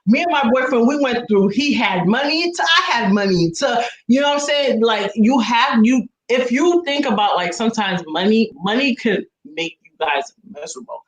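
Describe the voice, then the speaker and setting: A woman's voice: a little high, expressive, normal speed, few pauses, echoey room, poor audio. A woman in casual chat, rambling with frequent restarts and acting out what others said.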